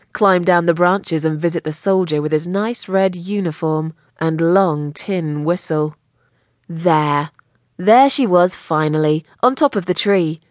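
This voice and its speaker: A woman's voice: fairly low pitch, no room sound. Playful woman narrating, dry close sound. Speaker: audiobook narrator. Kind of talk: scripted narration.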